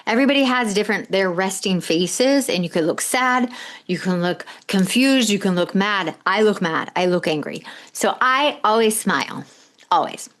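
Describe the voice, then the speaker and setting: A woman hosts her own podcast and talks straight to the listener. She coaches in short, punchy lists of tips, blunt and direct, with a bit of casual swearing. Her pitch sits at an ordinary middle height for a woman. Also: expressive, normal speed, a bit bright. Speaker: podcast host. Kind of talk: solo podcast advice talk.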